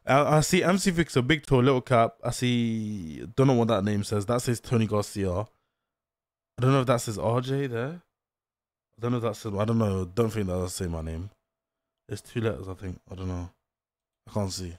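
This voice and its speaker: Lad on stream, dry close mic, keeps mumbling to himself, hyped. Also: male voice, on the low side, moderate pace, dry recording. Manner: excited, repeats slang, trails off to mumbles. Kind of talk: casual live-stream reaction.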